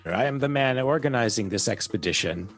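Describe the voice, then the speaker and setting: Gracious rich German patron with a light accent, courteous and measured, medium pitch, voiced by a game master. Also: male voice, animated, a bit bright, soft background music, close to an everyday voice. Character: wealthy smiling German expedition benefactor, man.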